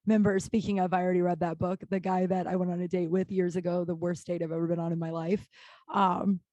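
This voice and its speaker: A woman's voice: fairly low pitch, quick pace, dry recording, highs cut off. Candid, profane woman podcaster in a dry room. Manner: candid and profane, rambling with restarts, swinging into animated outbursts. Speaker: podcast host. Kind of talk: casual solo podcast monologue.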